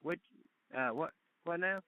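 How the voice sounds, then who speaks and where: A man hosting a wrestling talk show, asking questions in a halting way with many fillers. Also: on the high side, no echo, phone-quality sound. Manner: hesitant, many fillers and restarts. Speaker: podcast host. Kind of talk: casual interview chat.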